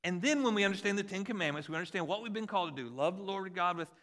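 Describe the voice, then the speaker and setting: A man in his forties, a pastor, preaching a conversational and animated sermon with jokes about his kids. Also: high-pitched, rapid-fire. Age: 40s.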